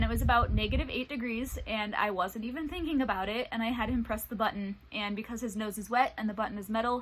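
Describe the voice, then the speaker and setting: Lively young woman telling dog stories. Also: on the high side, slight background noise, rough recording. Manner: animated retelling, acts out quoted voices. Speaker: service dog handler and vlogger. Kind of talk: casual storytelling vlog.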